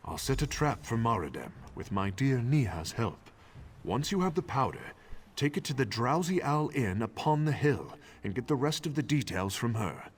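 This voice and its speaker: An actor voicing a calm, scheming male ally in a video game, measured and commanding. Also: medium pitch, breathy edge.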